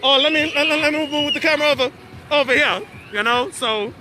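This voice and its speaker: A man's voice: very high voice, quick pace. A man live-streaming a family party outdoors, chatting to the camera and often stammering and repeating words. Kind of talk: casual live-stream commentary. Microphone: handheld phone camera. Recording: noisy outdoor phone stream with crowd.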